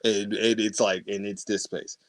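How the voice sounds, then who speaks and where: A man co-hosting a wrestling podcast in casual chat, animated and quick to swear and laugh. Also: lowish voice, no room sound. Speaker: podcast co-host.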